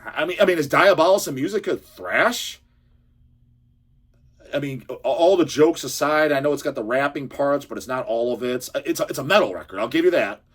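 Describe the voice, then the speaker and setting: This channel host has a slightly rough, medium-pitched voice and talks fairly quickly into a phone or handheld camera. He delivers a heated casual rant, cursing freely and getting animated.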